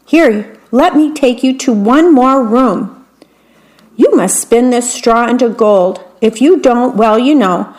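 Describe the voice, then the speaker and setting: A woman's voice: a little high, slow pace, a little mellow. A woman voicing a greedy, theatrical king who exclaims grandly in a storybook reading. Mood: grandiose.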